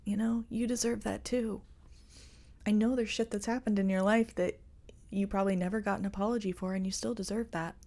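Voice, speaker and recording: Woman podcast host, earnest and confiding, warm mellow voice, talks like she's coaching a friend. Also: mid-range voice, fairly even intonation, fairly quick. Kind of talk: reflective solo podcast talk.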